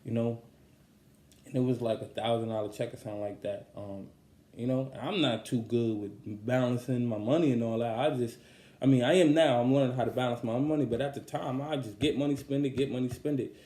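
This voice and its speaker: A young man, telling a personal story in a casual podcast monologue, full of fillers and growing animated when upset. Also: mid-range voice, a little fast, reverberant. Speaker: podcast host and songwriter.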